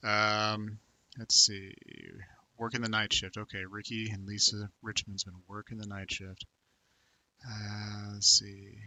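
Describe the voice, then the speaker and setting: Bright, dry-sounding rambling livestream host. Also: male voice, on the low side, monotone, takes it slowly, dry recording. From United States. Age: 30s. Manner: rambling, filler-heavy, talks to viewers by name. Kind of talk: casual live chat reading comments.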